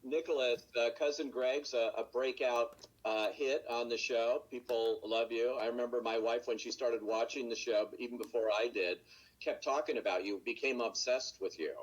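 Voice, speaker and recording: A man's voice: medium pitch, steady tone, moderate pace. Interviewer man, dull lo-fi sound. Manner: conversational, asks long questions. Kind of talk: panel interview.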